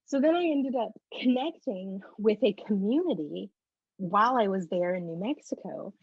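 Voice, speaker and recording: A woman guest giving a personal faith testimony as an animated storyteller who acts out the conversations she recounts. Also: medium pitch, moderate pace, husky, no echo. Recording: muffled lo-fi dry recording.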